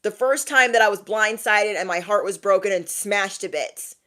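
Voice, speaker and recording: A woman's voice: medium pitch, moderate pace. Chatty, laughing woman tarot reader. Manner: chatty and animated, laughs often, repeats lines for emphasis. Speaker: tarot reader and motivational YouTuber. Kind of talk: casual channeled message to viewers.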